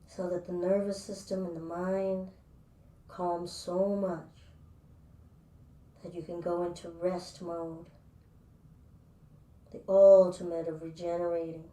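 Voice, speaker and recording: A woman's voice: fairly low pitch, little pitch movement, slow, pauses often, mellow. A woman teaching a live yoga class, chatty and playful as she talks through her own movements. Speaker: yoga instructor. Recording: echoey room, distant mic.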